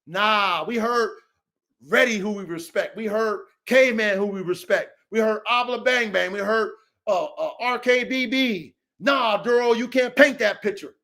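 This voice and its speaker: Podcast host, male, high-pitched, profane and confrontational, heated casual rant. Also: measured pace, bright, forceful tone. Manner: profane, confrontational, repetitive, calls out names.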